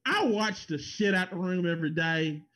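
A man's voice: high-pitched, animated, moderate pace, fairly bright tone. A man co-hosting a casual podcast, laughing often and swearing as he jokes with friends. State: numb mouth. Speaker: podcast co-host.

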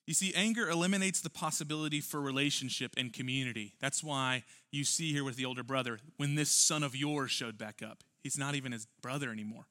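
Bright-voiced man preaching a sermon. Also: mid-range voice, a little fast, hardly any pauses. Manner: earnest, emphatic preaching with rhetorical questions. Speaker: pastor.

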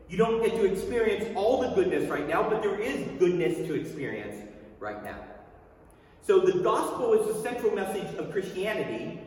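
A pastor in his thirties preaches in a casual, emphatic way, asking his listeners questions as he goes. His slightly high voice sits well back from the mic. It rings through a large reverberant hall over faint room ambience. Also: distant mic, slight background noise. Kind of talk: sermon. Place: church sanctuary.

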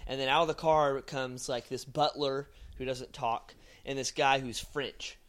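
A man from Texas co-hosting a podcast, retelling a movie plot in a rambling, animated way full of fillers. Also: medium pitch, measured pace. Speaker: podcast co-host. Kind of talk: casual movie chat.

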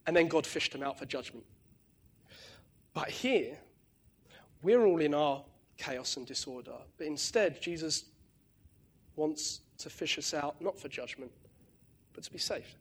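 A man preaches in a loose, conversational way, often tagging "right?" onto his points. His voice sits fairly high and husky, and he pushes hard on key words. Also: unhurried, pauses often. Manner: chatty, keeps asking "right?", restarts words, lively bursts of emphasis. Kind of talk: conversational sermon.

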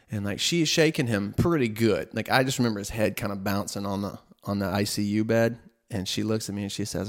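A man's voice: lowish voice, moderate pace. Chatty young man telling a wild story. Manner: chatty, with frequent "like" and "right?", laughing at himself. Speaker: storyteller sharing a faith testimony. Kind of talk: casual spoken storytelling.

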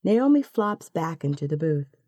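A woman narrating a second-person story in a slow, calm and intimate manner. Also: low voice, no echo, clean studio sound.

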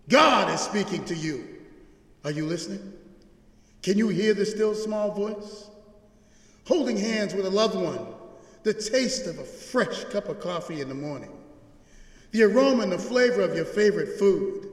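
In a large, echoey church hall, a pastor with a fairly high voice preaches, climbing to emphatic peaks and dropping to hushed lows. His delivery has a rhythmic, call-and-response pull, and a long, roomy reverb surrounds the sound.

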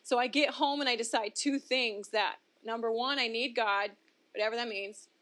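Woman guest telling her story on an interview: candid, expressive, high-ish voice. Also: normal speed. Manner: expressive, swings pitch up for emphasis, laughs between points. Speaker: interview guest, ministry founder. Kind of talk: candid personal testimony in conversation.

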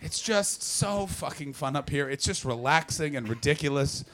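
A man from Canada doing brash, profane stand-up crowd work, often jumping into loud shouted voices. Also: mid-range voice, brisk, few pauses. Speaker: stand-up comedian. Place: comedy club with audience.

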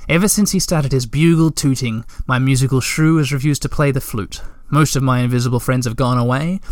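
A man's voice: mid-range voice, fairly quick, darkish tone, no room sound, clean studio sound, lightly acted. A man reading the lines of a practical, no-nonsense female creature in a storybook, in a blunt, matter-of-fact manner.

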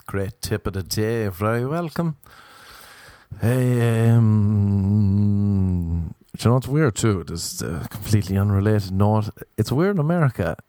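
A man's voice: lowish voice, animated, unhurried, dark tone, dry recording, studio quality. A male comedian telling rambling, self-mocking stories in a laid-back, casual monologue.

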